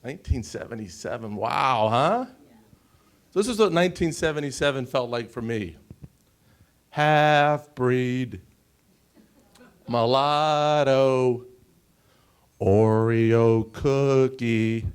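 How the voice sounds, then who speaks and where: A man in his forties from the United States, giving an emotional personal story on a conference panel and often pausing to check in with the audience. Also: mid-range voice, lively intonation. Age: 40s. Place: conference stage.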